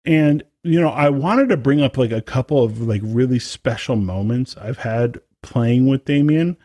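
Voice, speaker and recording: A man with a warm, medium-pitched voice talks at normal speed with no echo. He's a brass musician co-hosting a podcast, chatting casually and rambling with plenty of fillers and restarts.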